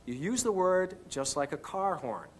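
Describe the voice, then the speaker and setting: A man's voice: high voice, sing-song, moderate pace, breathy edge. A man teaching singing on an instructional video, patiently coaching each step. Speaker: vocal instructor.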